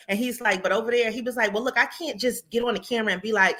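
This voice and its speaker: A woman's voice: mid-range voice, quick pace, hardly any pauses. A woman from New York with a New York accent, hosting an interview in casual, slangy conversation. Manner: conversational, uses slang and sarcasm, animated storytelling. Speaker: podcast host.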